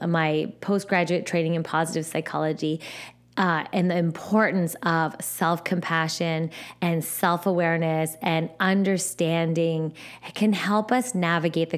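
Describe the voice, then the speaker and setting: A woman hosting a podcast alone, talking in a gentle, encouraging way and often repeating her phrases. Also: fairly low pitch. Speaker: podcast host. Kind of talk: supportive solo podcast talk.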